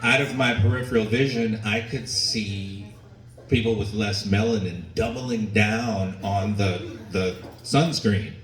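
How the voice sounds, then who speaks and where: A man doing a stand-up set, telling stories slowly and deliberately, pausing for the crowd's laughter. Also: on the low side. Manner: slow, deliberate storytelling with pauses for audience laughter. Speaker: stand-up comedian. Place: comedy venue with a live audience. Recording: echoey room recorded from a distance, noisy. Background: audience laughter and room ambience.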